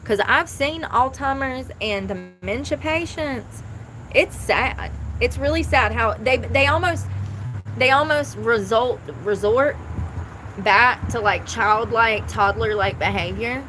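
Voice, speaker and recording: A woman's voice: a little high, takes it slowly, sharp tone, a little hiss or hum, poor audio. A woman chatting casually on a live stream outdoors, blunt and thinking aloud as she talks. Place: outdoors near traffic.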